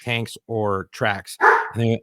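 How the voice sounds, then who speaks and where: A man's voice: on the low side, level tone, slow pace, pushed and bright. A man co-hosting a podcast who recalls his own Marine training in a blunt, profane, casual way. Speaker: podcast co-host, Marine veteran. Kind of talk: casual chat.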